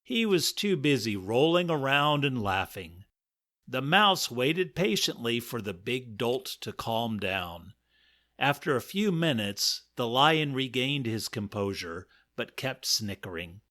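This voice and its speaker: A man hosting a comic story podcast, narrating in a dry, measured way with playful emphasis. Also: mid-range voice, very animated, sharp tone.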